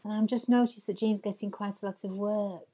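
A woman's voice: mid-range voice, steady tone, brisk, dark tone. A woman hosts a chatty comic podcast, homely and teasing in her banter. She talks from a back bedroom at home over a remote link. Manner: homely, teasing, calls people love. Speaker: podcast host.

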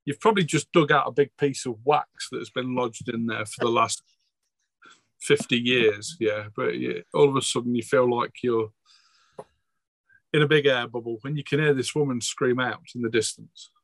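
A man's voice: mid-range voice, fairly even intonation, moderate pace, gravelly, fairly bright tone, dry recording. A man acting as game master for a tabletop game over a voice call, talking casually with plenty of hesitations. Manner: casual, hesitant, full of ums. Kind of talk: running a tabletop game online. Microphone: home mic on a voice call.

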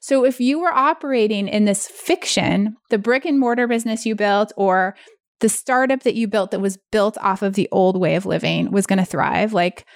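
A woman's voice: medium pitch, no room sound, clean studio sound. A woman co-hosting a casual business chat, talking frankly and laughing often at herself. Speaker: business co-founder and podcast co-host. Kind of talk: casual conversation.

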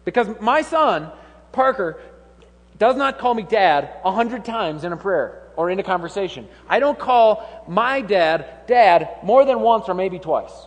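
A man's voice: sits high, lively intonation, unhurried. A man in his thirties preaching a humorous, conversational sermon with laughing asides. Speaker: pastor. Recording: long hall reverb.

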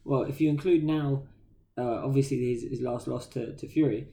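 A man's voice: medium pitch, fairly even intonation, normal speed, gravelly, mellow. A man, chatting casually on a podcast, tired and telling stories with slang and acted-out quotes. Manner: laid-back storyteller, slangy, acts out quotes. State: tired, yawning. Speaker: podcast co-host. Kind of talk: casual chat.

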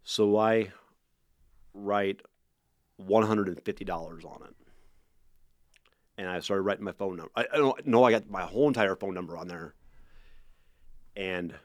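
A man guest on a podcast, telling a story in a loose, animated way and stumbling over repeated words. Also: low-pitched, normal speed, pauses often, no room sound, clean studio sound. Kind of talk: casual storytelling.

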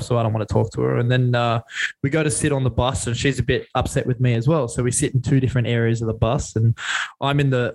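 A man's voice: medium pitch, rough recording. A young Australian man, a podcast co-host telling a drinking story in casual chat, rambling and self-mocking, with frequent swearing.

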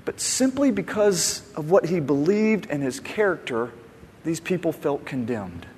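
A pastor giving an emphatic, conversational sermon. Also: male voice, fairly high pitch, expressive, measured pace, darkish tone, a little hiss or hum. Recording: long hall reverb.

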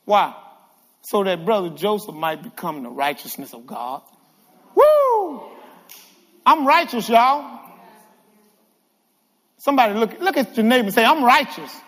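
Preacher, man, very high voice, lively call-and-response delivery, long church-hall reverb. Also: moderate pace, pauses often. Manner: animated, calls to the congregation. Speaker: guest preacher. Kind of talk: sermon.

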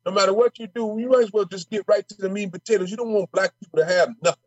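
A Minnesota state legislator, interviewed as a guest, speaks passionately, emphatic and fiery, repeating words as he heats up. His voice sits high with a steady tone and rapid-fire delivery, recorded with no echo and the highs cut off.

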